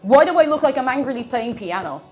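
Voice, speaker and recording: With a high voice, lively intonation, and a quick pace, a woman streams live over faint music. She chats with viewers in a giggly, playful way, humming to herself from time to time.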